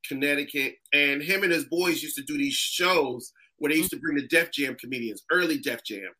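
Middle-aged male comic from Massachusetts, high and very bright voice, loose animated storyteller who slips into character voices. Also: moderate pace, slightly rough. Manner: animated, acts out voices in his stories. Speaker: stand-up comedian guest. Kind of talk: casual storytelling interview.

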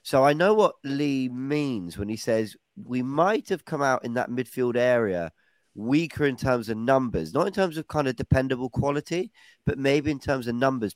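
A man's voice: medium pitch, no echo. Chatty host quizzing his panel. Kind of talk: casual chat.

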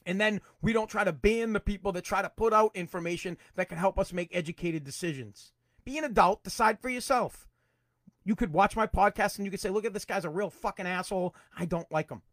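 A man hosting his own podcast, ranting angrily about politics, swearing and repeating himself, at times breaking into shouts. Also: sits high, a little fast, no room sound, clean studio sound. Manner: angry, profane, repetitive, shouts in bursts. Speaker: podcast host. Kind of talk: political rant.

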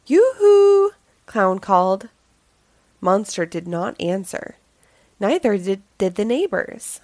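A woman reading a children's picture book aloud, telling the story in a slow, expressive way. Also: medium pitch, dry recording.

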